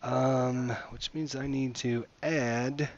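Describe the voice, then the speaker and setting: A male game master narrates a tabletop game over voice chat, unhurried and meandering. He fills gaps with hesitations as he describes the scene, and the audio sounds somewhat dull and lo-fi. His pitch sits in an ordinary middle range. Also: steady tone. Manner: hesitant, meandering with many fillers.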